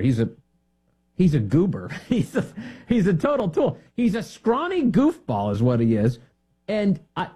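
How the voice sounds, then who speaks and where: A man hosting a political radio talk show, sarcastic and animated, laughing often as he mocks. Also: fairly high pitch, slightly rough. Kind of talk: mocking political commentary.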